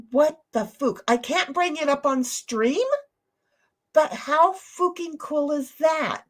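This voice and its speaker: A woman's voice: sits high, lively intonation, slow. A woman co-hosting a casual livestream chat, blunt, profane and playful. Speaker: stream co-host.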